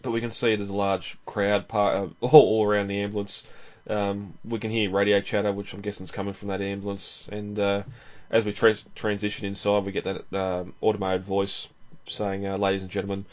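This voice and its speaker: A podcast host with a fairly low voice gives casual commentary on a film, rambling at a moderate pace with many ums and frequent chuckles. He barely pauses, and the recording sounds dull and lo-fi.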